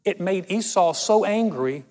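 A man delivers a sermon as a pastor, his voice sitting slightly high for a man. He talks through his story conversationally, slowing deliberately on key words. The recording has a long reverb from the church space. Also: lively intonation, a little mellow, slight background noise. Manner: storytelling, conversational with dramatic slow emphasis.

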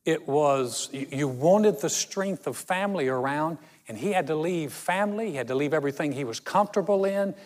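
This sermon comes from a pastor with a slightly high male voice, a darkish tone, and lively intonation. He tells his story in a conversational way, stretching key words for dramatic effect, amid the long reverb of a church.

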